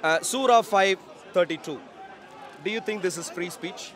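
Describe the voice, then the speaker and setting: High-voiced confrontational male street preacher. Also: moderate pace, a faint crowd. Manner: loud, projecting, confrontational. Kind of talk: open-air street preaching and debate. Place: outdoors on a city street.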